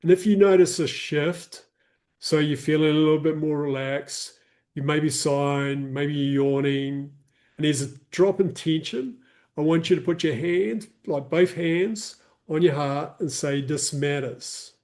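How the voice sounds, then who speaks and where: A man leading a live guided breathing session, counting breaths in a calm, soothing way and explaining the practice casually. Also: fairly high pitch, unhurried. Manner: casual explaining with fillers, reads chat comments.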